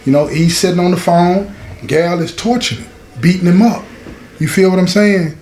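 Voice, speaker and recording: Man, storytelling, high-ish voice, echoey room. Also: normal speed, a little mellow. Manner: addresses listeners directly, drawls and repeats phrases. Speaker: storyteller host. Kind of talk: prison storytime monologue.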